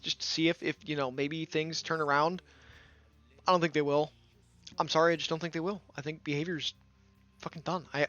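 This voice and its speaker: A man's voice: on the high side, fairly bright tone, dull audio. A man ranting angrily in a gaming commentary video, blunt and full of profanity.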